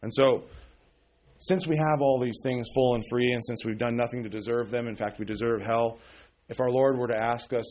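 A middle-aged male pastor delivering a sermon in a relaxed, conversational way. His voice sits in a middle pitch, and he scatters fillers and asides through his talk. He lifts his voice with emphasis on the points that matter. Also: normal speed.

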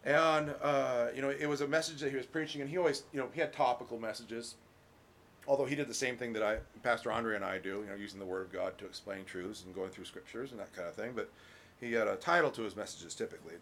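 A middle-aged man preaching a relaxed, conversational sermon as pastor, folksy, full of restarts and "you know.". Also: mid-range voice, quick pace, slight background noise.

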